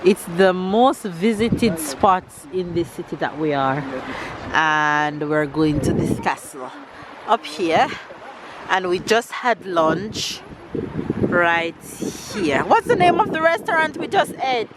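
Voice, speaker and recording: A woman's voice: on the low side, sing-song, slow. A woman in her thirties with a Jamaican accent, chatting upbeat to camera as a family vlogger on an outing. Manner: upbeat, chatty, laughs often. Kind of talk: casual vlog narration. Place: outdoors in a small town street. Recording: outdoor street noise.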